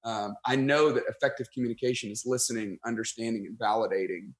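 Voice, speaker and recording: This guest pastor, an American man, chats casually on a podcast while recounting a story with lively self-mockery, playing out his inner thoughts aloud. His pitch is medium and he keeps a quick pace.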